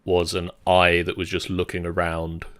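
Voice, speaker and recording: A man's voice: low voice, completely flat delivery, moderate pace, a bit bright. A man narrating as game master in a tabletop game, describing scenes plainly. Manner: plain, matter-of-fact narration.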